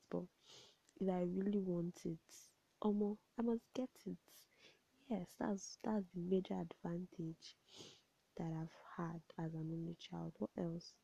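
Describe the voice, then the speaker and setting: Chatty young woman with a gravelly voice. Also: fairly low pitch, no echo. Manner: chatty, rambling, laughs often, drops to soft asides. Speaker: vlogger. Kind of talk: casual storytelling to camera. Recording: dull, lo-fi home recording.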